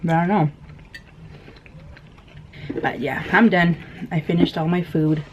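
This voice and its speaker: A woman in her thirties, a mukbang vlogger, tells a story while eating on camera, her lowish voice fairly even in intonation and measured in pace. She chats casually, laughing often and filling her talk with fillers. The camera audio is dull and lo-fi, with faint noise.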